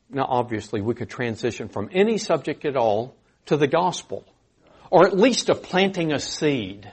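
A man preaching a sermon in an earnest, conversational way, with animated emphasis. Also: mid-range voice, moderate pace, breathy edge.

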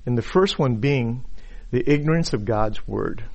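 Male preacher at a middle pitch, teaching scripture in a halting way that keeps repeating itself. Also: animated, gravelly, a little mellow. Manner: many repeated words and restarts, stressed key words. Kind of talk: sermon-style Bible teaching. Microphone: uses a pointer and slides.

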